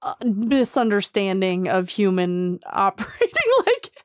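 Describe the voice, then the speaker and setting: A woman's voice: medium pitch, wildly swooping pitch, measured pace, dry recording, clean studio sound. A woman co-hosting a podcast in casual chat, reacting with laughs and wry quips. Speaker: podcast co-host.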